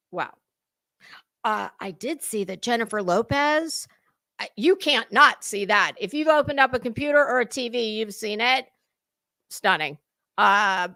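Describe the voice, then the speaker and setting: A middle-aged woman talks through a fashion event in a loose, rambling live-stream manner, joking at her own expense. Her voice sits a little high and sounds bright and crisp. She speaks slowly, and the recording is close and dry. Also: no room sound. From United States. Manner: chatty, rambling, self-deprecating. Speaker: fashion commentary host. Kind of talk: casual live-stream chat.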